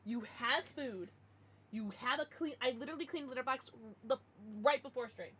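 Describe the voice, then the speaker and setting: A woman's voice: sits high, normal speed, a bit bright, slight background noise. A woman livestreaming, chatting casually with her viewers in a bubbly, giggly way with playful baby-talk asides.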